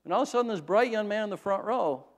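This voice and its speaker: A male pastor preaching a sermon, telling a story and swinging between loud and quiet passages. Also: high voice, animated, fast talker, long reverb tail. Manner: storytelling, rising and falling in loudness. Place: church sanctuary.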